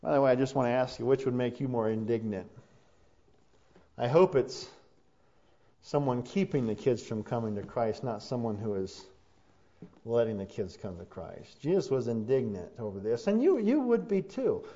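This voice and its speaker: A man preaching a sermon as pastor, building from conversational asides to loud, fervent passages. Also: mid-range voice, expressive, moderate pace, muffled recording.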